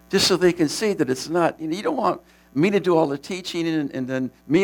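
A man casually telling the story of a preaching mission, animated and laughing, with many restarts. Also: a little high.

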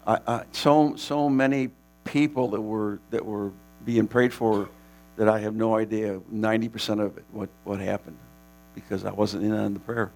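A man casually telling the story of a preaching mission, animated and laughing, with many restarts. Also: on the low side, moderate pace, vocal fry.

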